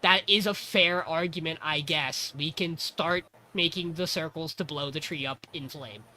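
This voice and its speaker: A man's voice: fairly high pitch, moderate pace, pushed and bright, slight background noise. A man voicing a flippant, foul-mouthed young woman witch while recapping a cartoon.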